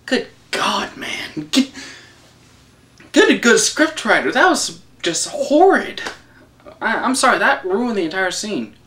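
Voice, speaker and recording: A man's voice: high voice, takes it slowly, pauses often. Young guy gushing and ranting about a movie, swears a lot, mic a bit far off. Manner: excitable and rambling, with swearing and laughs. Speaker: film reviewer. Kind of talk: casual spoken film review.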